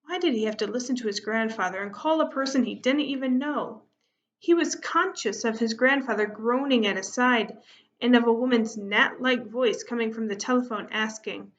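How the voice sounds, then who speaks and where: A woman's voice: on the high side, normal speed. Woman teacher reading a story aloud. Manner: steady, expressive narration. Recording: muffled lo-fi recording.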